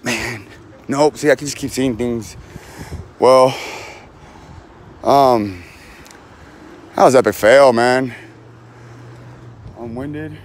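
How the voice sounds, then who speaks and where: A man's voice: medium pitch, takes it slowly, long pauses. Rambling self-mocking young man outdoors. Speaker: vlogger. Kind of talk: casual vlog while doing yard work. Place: outdoors in a backyard.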